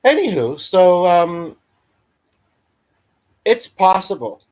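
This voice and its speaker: A livestream host tells a meandering everyday story in rambling, casual chat, full of fillers and restarts. His voice sits high with a darkish tone, very animated but taking it slowly.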